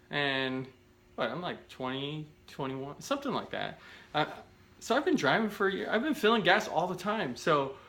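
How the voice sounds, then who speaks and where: A man casually telling a self-deprecating story to his viewers, animated and rambling with restarts. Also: fairly high pitch. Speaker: vlogger.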